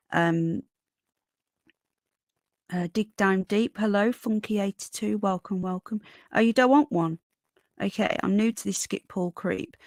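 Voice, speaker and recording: A woman's voice: on the low side, vocal fry, darkish tone, no room sound, studio quality. A woman with a Northern English accent hosting a casual livestream, tired, greeting viewers by name and calling them darling. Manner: greets viewers by name while reading chat; calls viewers darling and sweetheart. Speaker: livestream host.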